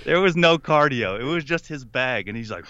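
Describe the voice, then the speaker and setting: A young man telling a story in casual conversation, animated, putting on voices for the people he quotes and laughing often. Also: medium pitch, normal speed, muffled recording. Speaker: podcast guest.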